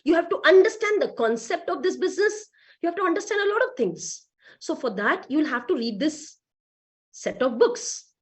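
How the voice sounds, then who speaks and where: A woman giving a lively motivational talk to a business team, asking rhetorical questions. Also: sits high, normal speed. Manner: lively, acts out quoted voices, rhetorical questions. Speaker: motivational speaker.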